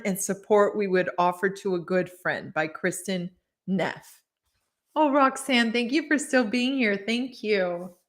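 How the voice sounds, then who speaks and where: A middle-aged woman reading her own book on a live stream and chatting warmly with viewers between passages. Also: medium pitch. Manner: warm, gushing, chats with viewers between passages.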